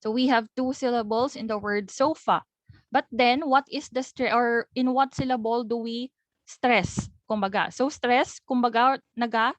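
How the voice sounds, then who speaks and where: Filipino-accented young woman, teacher's lesson read, higher voice, dry close recording. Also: no room sound. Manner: explains step by step, mixing in local words.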